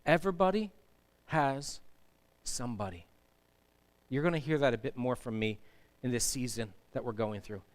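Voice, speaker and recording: A man's voice: medium pitch, moderate pace, pauses often. A man preaching a sermon as pastor in a church, emphatic and asking the congregation to answer back. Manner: emphatic, asks the congregation to respond. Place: church sanctuary.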